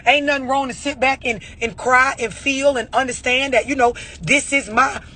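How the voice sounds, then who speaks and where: A man's voice: very high-pitched, steady tone, normal speed, pushed and bright. A man giving a blunt, profane motivational rant about overreacting, full of rhetorical questions. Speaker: motivational speaker.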